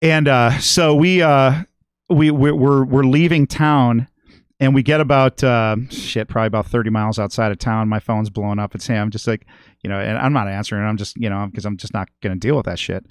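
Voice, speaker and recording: A middle-aged man tells a rambling, profanity-laden story into a close studio mic. His voice has a smooth, resonant tone at a mid pitch. The room sound is dry and tight. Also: steady tone, brisk, no echo. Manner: profane, rambling, swears constantly. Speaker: guest musician and regular. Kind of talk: casual podcast storytelling.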